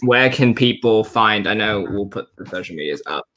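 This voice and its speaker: Guy hosting a sports chat, bright voice, lots of ums and restarts. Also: on the low side, animated, moderate pace, a little hiss or hum. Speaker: host. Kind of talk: casual interview.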